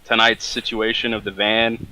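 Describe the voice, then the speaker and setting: A man's voice: fairly low pitch, completely flat delivery, moderate pace, bright, forceful tone, rough recording. A man hosting a show and interviewing a guest, easygoing, with hesitant fillers.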